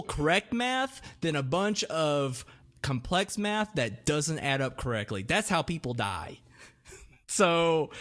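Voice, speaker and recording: A man's voice: fairly high pitch, very animated, slow, a bit bright. A man co-hosting a movie review podcast, joking around and rambling until he loses his train of thought. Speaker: podcast co-host. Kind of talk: casual movie review chat.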